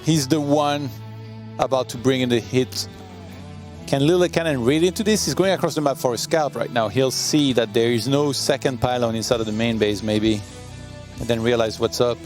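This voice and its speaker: A man calling live esports play-by-play at an average pitch. He mixes the action calls with dry jokes, and faint music sits under his voice. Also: normal speed, a little mellow. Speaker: esports caster. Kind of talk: live game commentary.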